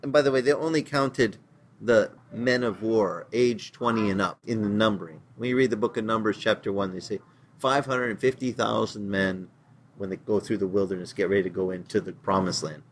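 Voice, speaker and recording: A man's voice: fairly low pitch, a little fast, a little hiss or hum. A male pastor giving a casual, conversational sermon in plain, slangy words, acting out the voices he quotes as he tells the story.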